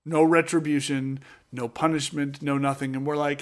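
A man co-hosting a podcast, talking through a Bible passage and acting out its characters with lively voices. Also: a little high, normal speed, few pauses. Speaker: podcast co-host. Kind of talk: Bible study podcast chat.

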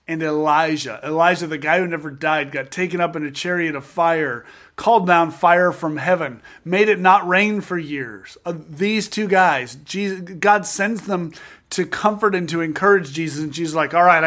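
Animated man retelling a scripture story. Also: fairly high pitch. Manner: animated storyteller who acts out quotes with jokes. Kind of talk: casual scripture discussion.

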